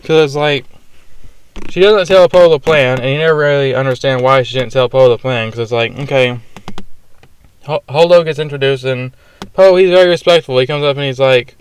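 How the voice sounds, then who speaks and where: A young man in a loose, ranting movie review, peppered with swearing and filler words. His voice is smooth and clear, and it is recorded dry and close with almost no room sound. He sits at a middling pitch for a man. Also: fairly quick, dry recording. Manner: ranting, profane, frequent fillers. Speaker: film reviewer. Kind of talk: casual spoken movie review.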